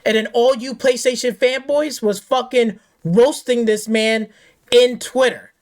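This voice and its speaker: A woman's voice: fairly high pitch, steady tone, measured pace, darkish tone. Heated, profane woman ranting. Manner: heated, profane, repeats phrases and asks rhetorical questions. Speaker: gaming channel host. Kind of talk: angry off-the-cuff rant.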